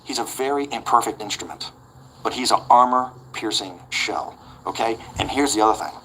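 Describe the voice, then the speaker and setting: A man's voice: on the low side, normal speed, sharp tone, slight background noise, poor audio. A man in his sixties telling an interview story, blunt and combative, often restarting and repeating words. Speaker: interview guest.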